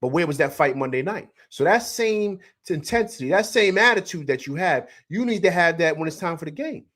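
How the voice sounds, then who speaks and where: A middle-aged man hosts a live postgame call-in show, talking in an emphatic, repetitive way. His pitch sits a bit high and swings widely as he rants and reads out viewer comments. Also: brisk. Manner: animated, emphatic, repeats himself, reads chat comments aloud. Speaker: sports show host.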